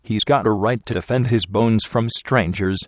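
A man's voice: lowish voice, moderate pace, no echo, studio quality, lightly acted. A man reading as a stubborn, tender young woman. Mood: insistent. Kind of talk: audiobook character reading.

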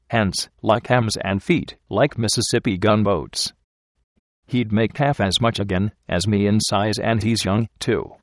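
A man voicing a rough young working-class husband who talks in slangy speech with dropped endings. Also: fairly low pitch, no room sound, clean studio sound, natural voice. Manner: slangy drawl, dropped g's.

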